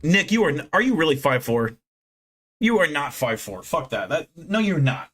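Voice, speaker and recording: A man's voice: fairly high pitch, very animated, moderate pace, fairly bright tone, slightly rough. Brash, boastful young man streaming. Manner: boastful, profane, rambling. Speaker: livestream host. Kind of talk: casual livestream chat.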